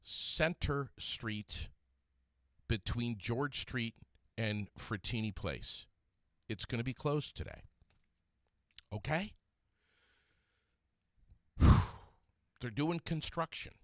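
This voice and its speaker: A man's voice: medium pitch, lively intonation, slow pace, long pauses, dry recording, studio quality. A man hosting a local radio show, reading ads and road news in an emphatic way, repeating words for effect. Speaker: radio host. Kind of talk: local radio chat with ad reads.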